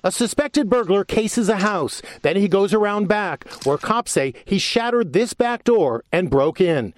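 High-voiced man narrating a news story. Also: animated, measured pace, dry recording. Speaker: news correspondent.

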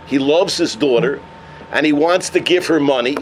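A man teaching a Torah class as a lively storyteller who mixes in Yiddish and Hebrew terms. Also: fairly high pitch, normal speed, slight background noise.

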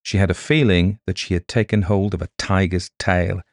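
Deep-voiced male audiobook narrator. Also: steady tone, moderate pace, dry recording, studio quality. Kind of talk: scripted narration.

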